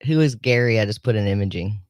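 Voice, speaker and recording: A woman's voice: a bass voice, fast talker, a little mellow, no echo, clean studio sound. A woman hosting a radio show, chatting casually with a wry, sarcastic edge. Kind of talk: casual morning radio banter. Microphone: studio microphone.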